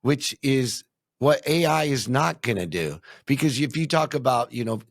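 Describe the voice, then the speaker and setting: A male interview host with a gravelly, husky voice. He responds eagerly and thinks out loud, and the recording is dry and close. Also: medium pitch, lively intonation, normal speed, no room sound. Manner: enthusiastic, thinking aloud with many "you know"s. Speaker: podcast host. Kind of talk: casual interview chat.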